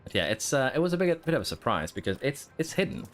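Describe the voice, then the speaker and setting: A man's voice: mid-range voice, sing-song, fast, soft background music. A man streaming a racing management game, thinking aloud in a casual, rambling way with lots of fillers, while fighting off hiccups. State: hiccuping and holding them in. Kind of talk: casual live-stream commentary.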